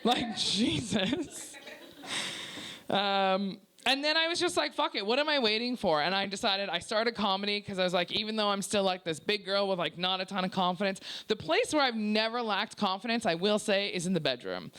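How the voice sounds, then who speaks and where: A woman's voice: mid-range voice, animated, a little fast, hardly any pauses, fairly bright tone. A young woman doing a stand-up comedy set, confessional and profane, full of "like" fillers and acted-out quotes. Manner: acts out quoted people in shifted voices.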